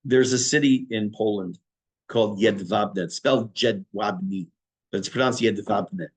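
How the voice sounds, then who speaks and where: A middle-aged man, a rabbi, teaching a history class in a conversational way, pausing for asides to his listeners. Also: fairly low pitch, breathy edge. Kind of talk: informal history lecture.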